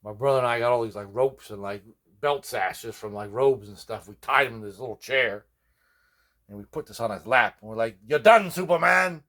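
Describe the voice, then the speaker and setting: A man's voice: on the low side, fairly even intonation, brisk, sharp tone. Rambling guitar builder man telling stories. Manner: rambling, digressive, constant "you know what I mean". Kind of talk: casual rambling storytelling vlog.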